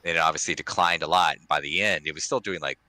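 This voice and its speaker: A man with a very deep, bright voice talks casually as a podcast co-host. He rambles, restarting his sentences and leaning on fillers. The sound is close and dry. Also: fast, no echo. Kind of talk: casual chat.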